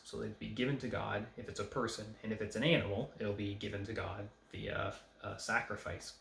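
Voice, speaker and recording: A man giving an informal Bible study, talking in a conversational, hesitant way with many pauses and fillers. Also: fairly low pitch, fairly even intonation, gravelly, fairly bright tone, echoey room. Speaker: Bible teacher.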